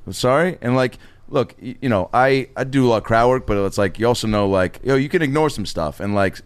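A comedian hosting a podcast, telling loose, profane stories with a lot of laughter in casual chat. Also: male voice, mid-range voice, brisk, smooth, no room sound.

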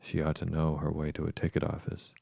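Man doing a blunt talking goat, storybook, very deep, gravelly. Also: monotone, fairly quick, heavily acted. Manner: loud and blunt. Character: loud, blunt goat passenger.

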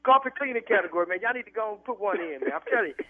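Indignant business owner yelling on a call, super high voice, talks fast, tinny phone line. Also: male voice, expressive, a crowd in the background. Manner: indignant, protective. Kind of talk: heated phone argument.

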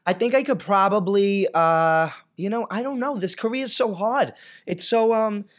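A man's voice: high-pitched, moderate pace, a bit bright. A man as a guest in a comedic interview, chatting in an easygoing, joking way. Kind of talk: casual chat.

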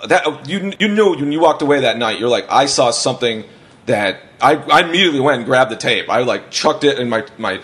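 A man's voice: mid-range voice, animated, fast talker, few pauses, fairly bright tone. A man with a mid-range voice chats casually on a podcast. He tells long, winding stories, swears freely, restarts his sentences often and slips into other people's voices to quote them.

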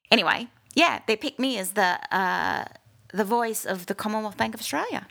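An American woman co-hosting a casual podcast, playful and quick to laugh, her voice jumping high when she gets excited. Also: vocal fry. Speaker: podcast co-host, voice actress. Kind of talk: casual chat.

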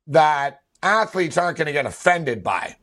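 A man's voice: fairly high pitch, very animated, moderate pace, a bit bright. A man co-hosting a casual sports talk show, rambling with lots of fillers and laughing often. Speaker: sports podcast co-host.

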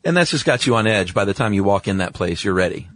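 A man co-hosting a podcast in casual chat, quick asides and frequent laughs. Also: lowish voice, big pitch swings, a bit bright, no echo. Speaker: podcast co-host.

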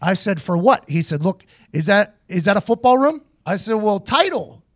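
A man hosting his podcast, telling a story in a casual, animated and profane way, laughing often. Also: high voice, moderate pace, no room sound, studio quality. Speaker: host.

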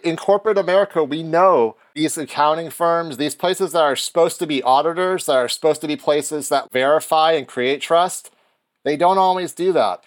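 A man co-hosting a podcast, talking things through in a measured, analytical way. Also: a little high. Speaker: podcast co-host. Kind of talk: casual podcast chat.

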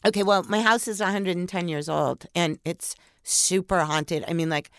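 A middle-aged woman who is a podcast guest, telling a story in a casual, animated way and swearing freely. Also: lowish voice, normal speed, clean tone, dry recording, clean studio sound. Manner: animated, profane, acts out her inner voices. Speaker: podcast guest, paranormal investigator.

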